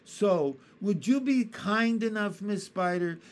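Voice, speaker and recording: A man reading a children's storybook aloud, voicing an old, stern male grasshopper who speaks slowly and scornfully. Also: high voice, lively intonation, pitched above the performer's own voice. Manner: slow, scornful and dignified.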